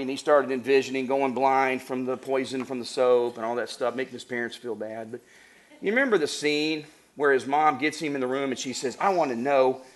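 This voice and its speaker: A middle-aged man preaching a sermon, telling funny stories and then laying out numbered points. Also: medium pitch. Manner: animated, acts out voices, laughs while telling stories. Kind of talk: sermon with humorous storytelling.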